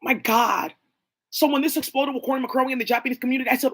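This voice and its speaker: Fast-talking husky woman rambling. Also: high voice. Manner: rambling, profane, jumping between names and claims. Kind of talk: casual rambling monologue.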